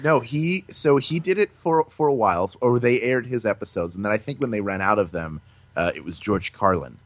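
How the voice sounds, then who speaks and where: A man being interviewed, chatting casually and telling animated stories about doing voices. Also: lowish voice, fairly quick, dry recording. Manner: animated storyteller, breaks into playful voices. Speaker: voice actor guest.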